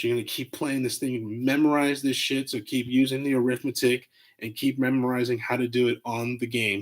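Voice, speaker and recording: A man hosting his own podcast, rambling in a loose, excitable, heavily profane way. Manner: rambling, profane, excitable, fillers like "boom" and "freaking". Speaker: podcast host. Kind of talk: casual solo podcast rant.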